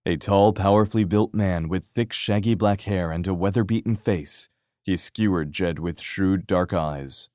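A man narrating a fantasy audiobook in a steady, even storytelling manner. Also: low-pitched, unhurried, no room sound, clean studio sound. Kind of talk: scripted narration.

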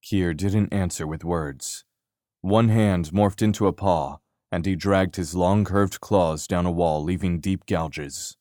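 A man narrating a fantasy audiobook in a steady, even storytelling manner. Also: low voice, slow pace, no room sound, clean studio sound. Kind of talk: scripted narration.

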